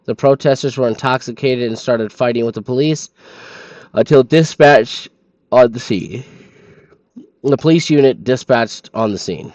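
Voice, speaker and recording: A drowsy man reads game documents aloud to his stream, tripping over hard names as he goes. His voice sits at a middle pitch, with a dry, slightly dull lo-fi sound and no room echo. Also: moderate pace, darkish tone. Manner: stumbles over names, sleepy and yawning. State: sleepy.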